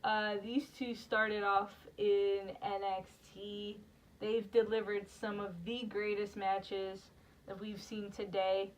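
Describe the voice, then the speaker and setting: A woman co-hosts a laid-back wrestling review podcast, chatting away, leading the segments and hopping between topics with plenty of "like." Her voice sits mid-range with a level tone and an unhurried pace. The mic is distant, and background noise comes through.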